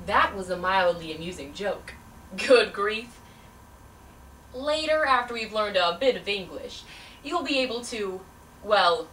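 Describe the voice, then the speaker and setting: A young woman in an audition, playing a prim, fussy female language teacher who lectures in formal, deliberately precise diction. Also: high-pitched, sharp tone, slight background noise, heavily acted. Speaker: auditioning actor. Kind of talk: audition monologue, comic. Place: audition room. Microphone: far camera. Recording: echoey room from a distance.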